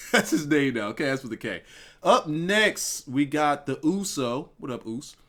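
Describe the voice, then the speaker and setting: A man's voice: a little high, animated, unhurried, a bit bright. A man co-hosting a casual wrestling review, teasing his partner and reading the chat aloud. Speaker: wrestling show co-host.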